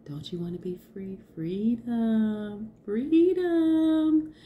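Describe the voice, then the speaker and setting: A woman voicing a bird that pleads for freedom in a high, drawn-out, coaxing tone. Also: narrow, tinny audio, a little hiss or hum.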